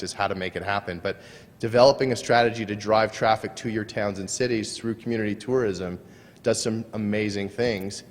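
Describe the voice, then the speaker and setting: A man giving an earnest conference presentation, sometimes trailing off and restarting his sentences. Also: fairly low pitch. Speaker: conference speaker. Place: conference hall. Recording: long hall reverb.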